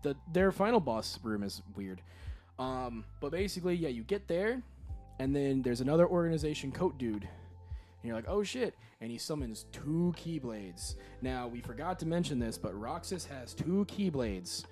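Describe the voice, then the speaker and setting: This man co-hosts a casual chat podcast, recapping a video game with friends. His pitch swings widely as he acts out the characters' lines. Faint music plays underneath. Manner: animated, quick to act out characters' lines. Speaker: podcast co-host.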